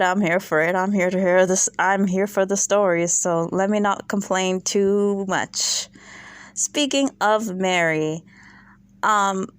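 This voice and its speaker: A woman's voice: medium pitch, no echo. A woman hosting a casual reality TV recap, opinionated and sarcastic. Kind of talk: casual commentary vlog.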